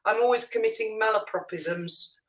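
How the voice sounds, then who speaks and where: A woman's voice: on the high side, wildly swooping pitch, unhurried, creaky, a bit bright, poor audio. A woman chatting casually as a guest on a livestream, easygoing and self-deprecating. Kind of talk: casual chat.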